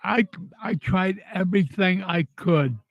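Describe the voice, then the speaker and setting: A tearful older man with a high, gravelly voice speaks slowly, stumbling and repeating words in anger and grief. The sound is dull and lo-fi, close and dry. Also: no room sound. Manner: halting, repeats words, angry and grieving. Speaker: vlogger. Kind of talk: emotional personal monologue.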